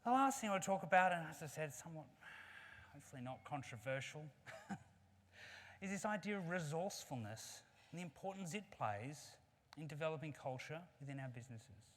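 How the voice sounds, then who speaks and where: A man's voice: fairly high pitch, expressive, a little fast, fairly bright tone. A man giving an earnest, conversational keynote talk built around a story. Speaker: conference speaker. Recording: long reverb of a large hall.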